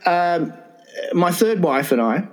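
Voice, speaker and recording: Male co-host, jokey and halting, pitched a bit high. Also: sing-song, poor audio. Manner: jokey, hesitant with many fillers. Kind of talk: casual chat.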